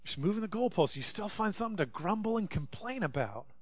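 A man's voice: sits high, very animated, a little fast, no echo. A man preaching a sermon as a pastor, telling a story conversationally and asking rhetorical questions.

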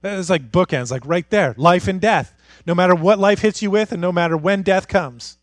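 A man preaching a sermon as pastor, moving from hushed, intimate passages to fired-up, rising declarations. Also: sits high, moderate pace, no echo. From Canada.

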